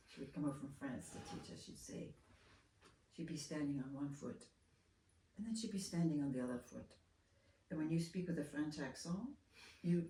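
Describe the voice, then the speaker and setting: Gentle, dark-voiced woman teacher, distant. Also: low voice. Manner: gentle, soft-spoken, unhurried coaching. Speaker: movement teacher. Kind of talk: hands-on lesson guidance. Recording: roomy, from far off, faint room noise.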